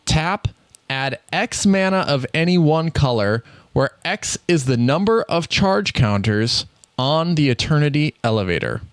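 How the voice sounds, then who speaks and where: A man's voice: fairly high pitch, very animated, measured pace, smooth, dry recording. A man with a Midwestern accent, chatting casually on a podcast about card games, rambling and correcting himself as he goes. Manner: rambling, self-correcting, laughs often. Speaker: podcast co-host. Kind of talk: casual card game chat.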